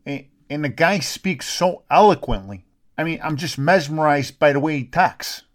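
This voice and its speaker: A man's voice: a little high, lively intonation, normal speed. A man co-hosting a casual chat, slangy and agreeable. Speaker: podcast co-host.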